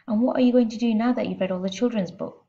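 A woman voicing a gentle young woman teacher who asks soft, kind questions, heard on a slightly muffled lo-fi recording. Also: fairly high pitch, quick pace, pitched above the performer's own voice, close to an everyday voice.

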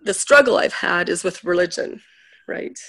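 Gravelly woman telling a story. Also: lowish voice, normal speed, fairly bright tone. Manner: chatty storytelling, retelling others' words. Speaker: guest healer. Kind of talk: casual chat.

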